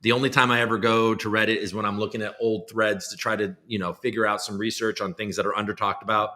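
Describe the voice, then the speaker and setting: A man's voice: lowish voice, level tone, fast, pushed and bright. A man hosting a casual livestream, rambling, self-deprecating and swearing now and then. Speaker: livestream host.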